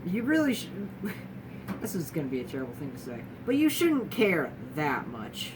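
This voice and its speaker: A woman's voice: deep voice, wildly swooping pitch, normal speed, distant mic. A young woman speaking casually and candidly, with a wry manner, who often restarts and mimics other people mid-sentence. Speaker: guest sharing her experience. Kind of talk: casual talking-head chat. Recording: voice a bit off-mic with clear room noise.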